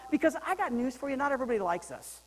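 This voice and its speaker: A male pastor preaching a sermon in a lively, joking way, swinging between loud and quiet. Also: very high-pitched, racing, in a large hall, poor audio. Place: church sanctuary.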